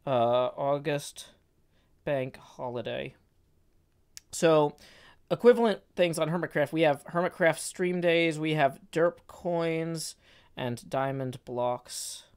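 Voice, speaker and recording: A man's voice: a little high, takes it slowly, clean tone. A man reading poetry aloud and chatting on his live stream, with careful stress on the words and frequent hesitant fillers.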